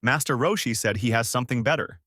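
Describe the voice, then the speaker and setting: A man's voice: mid-range voice, fast, bright, forceful tone, no room sound, studio quality. A man voicing a cheerful, trusting young male fighter, upbeat and eager.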